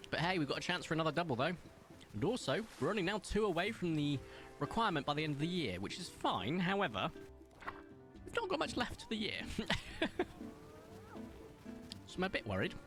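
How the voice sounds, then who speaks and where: A man's voice: a little high, big pitch swings, a little fast, pauses often, fairly bright tone, faint music behind. A man from England, chatting casually with his live-stream chat while gaming and laughing often. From southern England.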